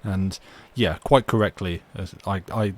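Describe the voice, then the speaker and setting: A man's voice: low-pitched, measured pace. Rambling man chatting to stream chat. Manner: rambling, self-interrupting, chuckling asides. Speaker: streamer reading stories aloud. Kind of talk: casual chat with live chat.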